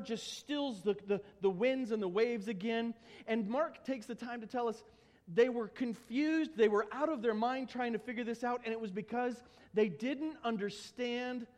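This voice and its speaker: A man's voice: very high voice, expressive, unhurried. A man preaching a sermon in a church, earnest, with stumbling repetitions and humorous asides. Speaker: pastor. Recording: long hall reverb.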